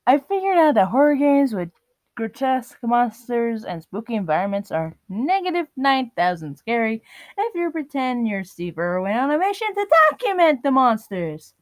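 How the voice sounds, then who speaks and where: A woman's voice: on the high side, big pitch swings, moderate pace, no room sound. A young woman vlogger casually reading internet posts aloud, giggly and often breaking into laughter.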